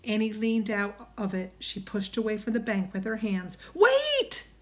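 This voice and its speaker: A woman reading a children's storybook aloud, hushed in quiet passages. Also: medium pitch, level tone, moderate pace. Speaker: audiobook narrator.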